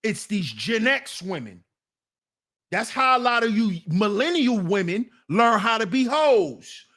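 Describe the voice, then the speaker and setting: High-voiced scolding man ranting. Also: sing-song, a little slow, a bit bright. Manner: blunt, scolding, talks back to viewers. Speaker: commentary channel host. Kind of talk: casual commentary rant.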